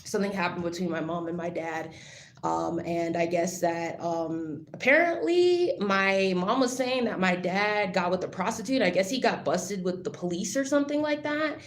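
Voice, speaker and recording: A woman's voice: lowish voice, expressive, normal speed. A woman vlogger telling a personal story in casual, rambling talk, full of "like" and blunt swearing. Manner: rambling, filler-heavy with frequent "like". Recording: roomy echo.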